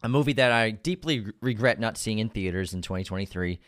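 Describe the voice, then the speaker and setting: A man's voice: fairly low pitch, fast. A young man co-hosting a casual film podcast, joking and teasing his co-host. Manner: animated, jokey, playful teasing.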